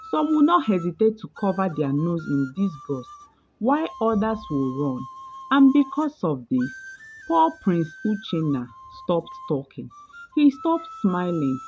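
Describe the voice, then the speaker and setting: A woman telling a folktale as scripted storybook narration, in an expressive, dramatic way. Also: on the low side. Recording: dull recording with background music.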